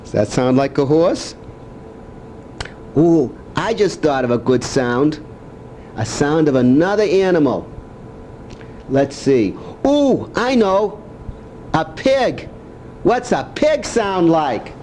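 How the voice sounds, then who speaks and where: Lively older grandfather talking to a child. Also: on the high side, takes it slowly, long pauses, a little hiss or hum. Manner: animated, makes animal noises. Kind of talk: playful talk to a grandchild.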